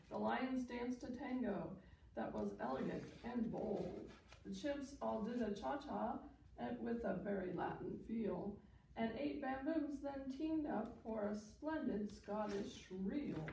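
A woman teacher reading a picture book aloud to children, expressive and asking her listeners questions. Her voice is slightly high, gravelly and mellow. She sits away from the mic in an echoey room with a faint hiss. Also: recorded from a distance.

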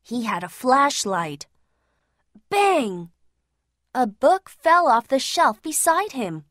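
A woman reading a children's storybook aloud, slowly, clearly and expressively. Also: high-pitched, sing-song, a bit bright, no echo, clean studio sound.

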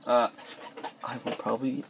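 This gravelly, mid-range male voice moves at a moderate pace with little pitch movement. It belongs to a teenage boy rambling through let's play commentary in his bedroom, restarting often and mumbling asides as he plays. His cheap or device mic carries a little hiss or hum.

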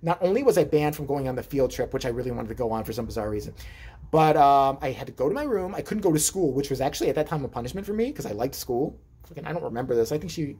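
A woman vlogger telling childhood stories in a casual, profane, animated way, acting out voices with big jumps in pitch. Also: breathy edge. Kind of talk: casual storytelling.

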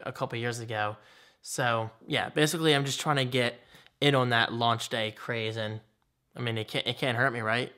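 A young man talking casually to his camera while he walks around at night, chatting to viewers and calling his dogs in a high, sing-song voice. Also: sharp tone. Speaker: vlogger and streamer. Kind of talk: casual vlog talk to camera. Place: outdoors at night in a yard, then indoors at home.

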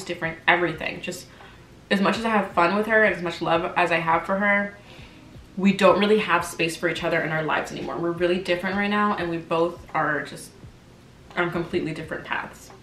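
A woman's voice: lowish voice, fairly bright tone, slight background noise. A woman in her twenties from Canada, a vlogger chatting candidly while she eats. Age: 20s. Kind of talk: casual chat. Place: home room, dining at table. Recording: echoey room with faint kitchen clatter.

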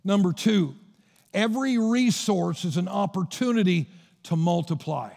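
High-voiced, gravelly preaching man. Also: animated, a little slow, a little mellow. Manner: storytelling preacher retelling Bible scenes. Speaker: pastor. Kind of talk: sermon. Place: church sanctuary. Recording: long reverb of a church hall.

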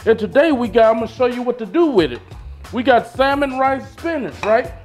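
A man hosting a fitness vlog, talking loud, hyped and slangy with a boastful edge. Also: very high-pitched, expressive, a little fast, soft background music. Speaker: fitness vlogger. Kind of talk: casual vlog.

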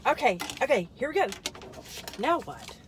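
A woman's voice: high-pitched, very animated, moderate pace, background noise. A woman hosting a casual product-testing live stream from a parked car, rambling through joking asides to her viewers and muttering under her breath as she fiddles with the product. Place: parked car in a store parking lot.

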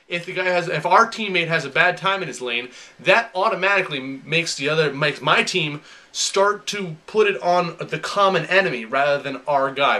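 A young man narrates gaming stories and advice with an animated, over-the-top energy. His voice is slightly higher and very bright, and he talks like a casual video host.

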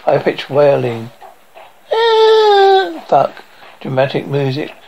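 A woman's voice: deep voice, unhurried, a little hiss or hum, rough recording. A woman reading a horror show transcript aloud, sound cues included, acting out screams and gasps between the lines.

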